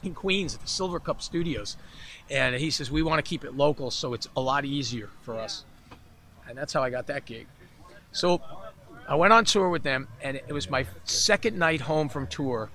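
A man with a medium-pitched voice speaks at a normal pace as a musician guest in a casual festival interview. He's an animated storyteller, acting out the voices of the people in his tales.

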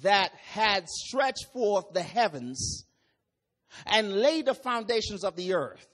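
A man with a Jamaican accent preaching a sermon, reading scripture slowly and deliberately and breaking into sudden loud calls. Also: high-pitched.

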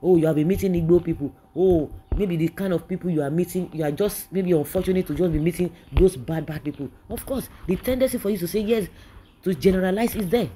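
Nigerian commentator, indignant ranting opinion talk, dark mellow husky voice. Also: mid-range voice, fast. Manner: indignant, ranting, repeats phrases. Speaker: political commentator.

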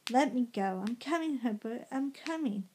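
A woman's voice: on the high side, lively intonation, normal speed, a little mellow, a little hiss or hum, pitched above the performer's own voice, natural voice. A woman reading aloud, voicing a desperate grieving old mother who cries out and pleads. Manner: crying out, pleading.

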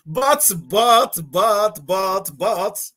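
A man's voice: high voice, very slow, bright, forceful tone. A middle-aged man from Nigeria, a guest chatting casually in an interview, rambling, repeating words and laughing often.

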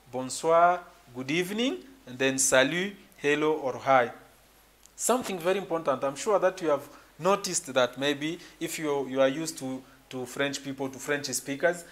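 A man teaching a French lesson at a whiteboard, explaining slowly and repeating himself often, with frequent fillers. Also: a little high. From Kenya.

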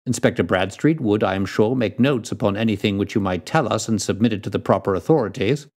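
A calm, kindly detective speaks in a measured, quiet way, as a man plays him. His voice is low and soft. It suits a storybook reading. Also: lightly acted. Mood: reassuring.

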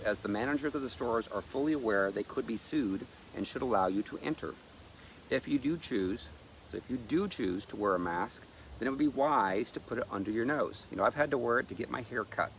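A man's voice: medium pitch, fairly bright tone, a little hiss or hum. A man preaching in an emphatic sermon style, reading scripture aloud and exhorting listeners.

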